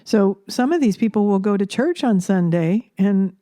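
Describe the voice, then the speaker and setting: A woman talking slowly into a close microphone in a soft, reflective spiritual monologue, pausing with fillers and slipping into near-whispers. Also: mid-range voice, animated, no echo. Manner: soft-spoken, drifting into whispers, hesitant fillers. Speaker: spiritual channeler and podcaster.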